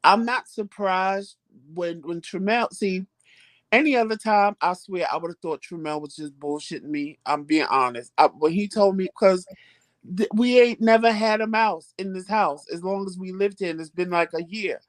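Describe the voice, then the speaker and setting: A man's voice: high-pitched, moderate pace. A man co-hosting a home vlog, chatting casually in a blunt, profane, teasing way. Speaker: co-host. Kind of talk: casual chat.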